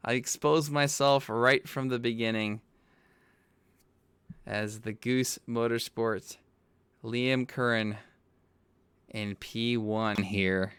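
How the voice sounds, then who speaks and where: A man doing live sim racing commentary at an unhurried pace, his voice smooth and clear. He talks in a chatty way and laughs at his own slips. The sound is close and dry, with no room around it. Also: medium pitch, dry recording. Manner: apologetic, self-deprecating, chatty.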